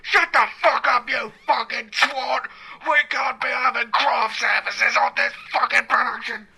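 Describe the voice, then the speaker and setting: A man putting on the voice of a furious, foul-mouthed film director, shouting and swearing nonstop. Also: mid-range voice, lively intonation, measured pace, full character voice. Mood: furious ranting. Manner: shouting, swearing nonstop, ranting about money. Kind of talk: comic impression in a podcast chat.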